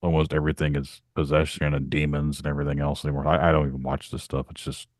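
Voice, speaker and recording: A man's voice: a bass voice, flat delivery, quick pace, dry recording, studio quality. A man hosting a podcast, giving his opinions in a casual, griping way. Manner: opinionated, complaining tone. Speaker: podcast host. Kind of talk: casual conversation.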